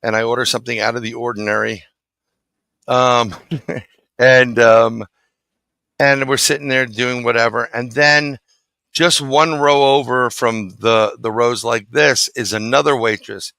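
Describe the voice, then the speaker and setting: A man's voice: medium pitch, fairly even intonation, measured pace, vocal fry, pushed and bright, dry recording, rough recording. A middle-aged man from New City, telling a story as a guest in a casual interview and acting out the dialogue. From New York City.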